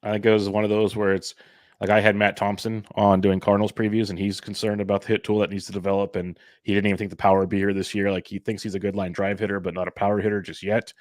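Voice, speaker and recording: A man's voice: on the low side, flat delivery, fast, darkish tone, no echo, clean studio sound. A man co-hosting a fantasy baseball podcast, talking casually and a bit sarcastically. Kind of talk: casual sports chat.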